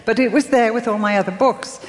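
An older woman giving a sermon, telling her story softly with dramatic pauses and acting out the voices she quotes. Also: on the high side, long reverb tail. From England. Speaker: speaker.

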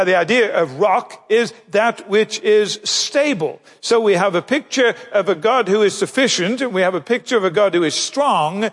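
A male preacher with a fairly high voice delivers a sermon in a measured way. He drops his pace to lean on the key phrases. His voice carries a long reverb tail, as in a large hall.

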